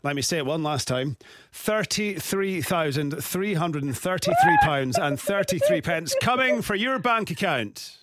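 A man's voice: high-pitched, huge pitch swings, unhurried, fairly bright tone, no echo. A man hosting a radio phone-in from a studio, teasing the caller playfully. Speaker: radio host.

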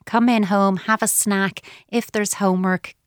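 On a radio show, a female child psychotherapist offers parenting advice and animatedly acts out how children might reply. Her voice is medium-pitched, unhurried, and clean, captured in a dry, studio-quality recording.

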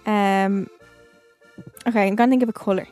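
A woman's voice: mid-range voice, steady tone, normal speed, darkish tone, faint music behind. A young woman with a Dublin Irish accent, co-hosting a podcast and telling stories in casual chat, swearing now and then. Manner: chatty storytelling, swears casually. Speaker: podcast co-host.

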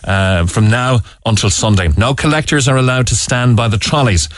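Reading listener texts on a studio talk radio show, an Irish man from Cork speaks at a moderate pace in a mid-range voice. His delivery is earnest but peppered with "uh" fillers and restarts, and the recording has no room sound.

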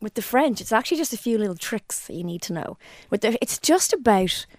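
A middle-aged Irish woman co-hosting a podcast, telling stories in an animated, chatty way. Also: on the high side, brisk, no room sound, studio quality. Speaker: podcast co-host. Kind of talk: casual chat.

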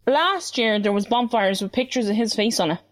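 A woman's voice: fairly high pitch, a little fast. A young woman telling a story in casual chat, acting out what others said. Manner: animated storytelling, acts out quoted voices.

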